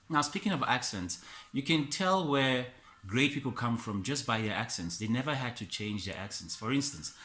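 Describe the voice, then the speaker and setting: A man's voice: medium pitch, a bit bright. A man from West Africa giving an earnest, emphatic motivational talk as a Toastmaster, repeating his key phrases. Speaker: Toastmaster speaker. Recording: echoey room.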